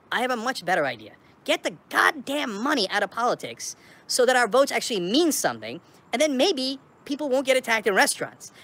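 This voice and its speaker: A man's voice: high voice, pushed and bright. A man delivering an impassioned political commentary as a show host. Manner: emphatic, building intensity.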